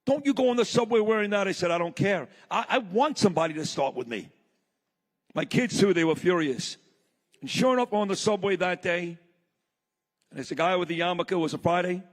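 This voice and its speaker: A summit speaker with a high-pitched, expressive voice talks briskly, delivering a blunt and impassioned story to a live crowd. The long reverb of the large hall surrounds him.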